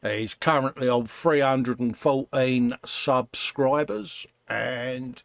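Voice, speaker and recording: A British man runs an informal live stream from his home workshop, reading viewers' comments in a chatty, matey manner and calling them "mate" and "folks." He takes it slowly in a mid-range voice with vocal fry, and there's no echo.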